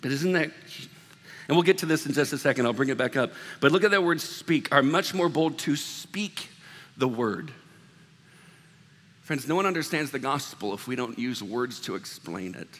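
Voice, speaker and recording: A man's voice: medium pitch, animated, normal speed, fairly bright tone, big-room sound. A man preaching a sermon as pastor, talking in a loose, conversational way with self-deprecating asides.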